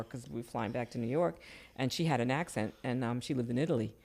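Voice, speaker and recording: A woman's voice: fast, gravelly. An older woman telling personal stories in casual conversation, her voice jumping up whenever she quotes someone. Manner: animated, jumps high when quoting people. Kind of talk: casual storytelling.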